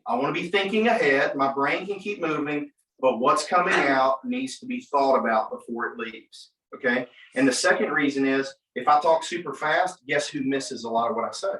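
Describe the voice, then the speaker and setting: A man who is an attorney, coaching a class on mock trial in an animated way, acting out courtroom exchanges. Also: mid-range voice, moderate pace, few pauses. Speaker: attorney, guest speaker. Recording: echoey room, mic from far off.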